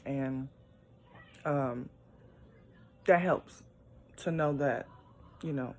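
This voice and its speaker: A woman's voice: low-pitched, a little hiss or hum. A young woman, a foster parent, chatting casually in a vlog and telling stories with lots of laughter. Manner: animated, laughs often, acts out voices.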